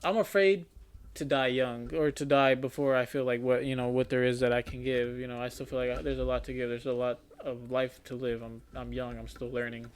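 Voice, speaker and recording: A young man in his twenties chats loosely on a podcast, swearing freely and peppering his talk with "like" and "bro". His voice sits at an everyday middle pitch. He rambles and restarts mid-thought, like a friend telling a story. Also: fairly even intonation, fairly quick, a little hiss or hum. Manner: loose and profane, heavy on "like" and "bro". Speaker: podcast co-host. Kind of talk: casual chat among friends.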